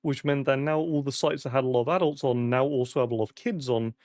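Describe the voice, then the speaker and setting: A man's voice: mid-range voice, fast, a little mellow, dry recording, clean studio sound. A young British man casually chatting and rambling on a live stream, swearing often, his voice cracking in the heat. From Britain. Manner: rambling, sweary, with frequent fillers.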